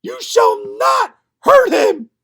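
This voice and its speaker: A man's voice: a little high, huge pitch swings, takes it slowly, mellow, husky, pitched above the performer's own voice, full character voice. A man voicing a tender, brave little girl in a storybook reading. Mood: desperate. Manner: crying out, pleading.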